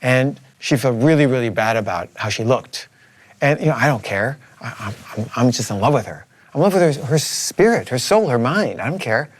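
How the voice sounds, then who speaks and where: A man's voice: medium pitch, expressive, moderate pace. Middle-aged guy telling a messy story, lots of likes and restarts, nervous. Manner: rambling, anxious, filler-heavy storytelling. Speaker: filmmaker recounting his life. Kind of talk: comic personal storytelling.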